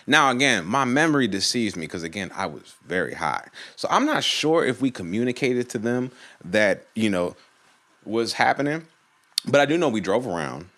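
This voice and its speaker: A man's voice: fairly low pitch, very animated, a little fast, pushed and bright. A man from Virginia telling a casual, profane story on his channel and acting out the people in it. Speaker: storytime YouTuber.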